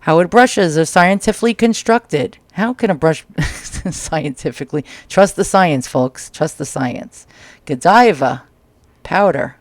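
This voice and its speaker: A man's voice: fairly high pitch, animated, a little slow, no echo. A man with a New York accent casually reading old magazine ads aloud with crude, joking asides, recorded at home. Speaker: vlog host. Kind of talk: casual read-through commentary. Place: small home. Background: dryer tapping.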